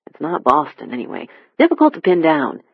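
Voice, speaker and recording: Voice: mid-range voice, wildly swooping pitch, brisk, vocal fry, breathy edge, no room sound, heavily acted. Insistent, probing man, voiced by the narrator; subdued, dull dry read. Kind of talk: audiobook dialogue.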